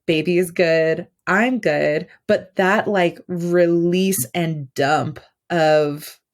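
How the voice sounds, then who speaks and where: A woman's voice: fairly low pitch, drawn-out words. A woman guest on a podcast, telling a personal story in a rambling, casual way, full of fillers and restarts.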